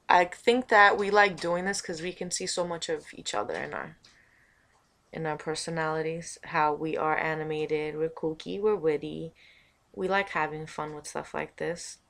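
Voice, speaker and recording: A woman from Montana talks straight to camera in a loose, rambling vlog. She muses aloud, playful and a little kooky, with a lowish voice. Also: gravelly. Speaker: vlogger.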